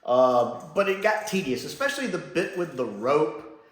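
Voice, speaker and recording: A man giving a casual spoken review, chatty and animated, often pausing with "uh" and "like". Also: a little high. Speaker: film and TV reviewer. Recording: roomy echo.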